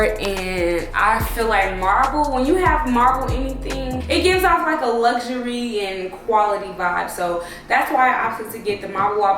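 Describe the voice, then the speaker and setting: A young woman giving a casual, profane tour of her open loft-style salon suite, calling her viewers y'all. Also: on the high side. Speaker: salon owner vlogger. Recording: echoey room with music playing.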